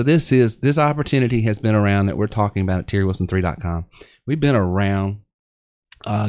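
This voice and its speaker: Low-voiced Southern man hosting a live show. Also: a little mellow, clean tone, no room sound, clean studio sound. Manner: rambling, many fillers and restarts. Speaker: host of a live online business show. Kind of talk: casual live-stream chat with pitches.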